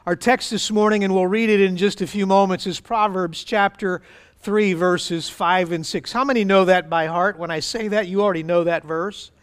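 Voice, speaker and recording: A man's voice: sits high, fairly even intonation, moderate pace, smooth. A man pastor leading prayer and preaching a sermon in an emphatic, fervent way.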